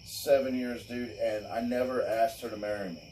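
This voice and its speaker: A man hosting a loose late-night chat, ranting bluntly and cursing freely. His voice sits at an ordinary pitch. He is a little far from the mic, with faint crickets behind. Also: fairly even intonation, moderate pace, a little mellow, slight background noise. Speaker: show host. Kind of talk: casual crude podcast chat.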